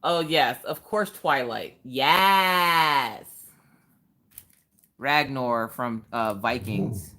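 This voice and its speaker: A woman hosting a casual live craft stream, chatting in an animated way and answering viewers' comments. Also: a bass voice, very slow.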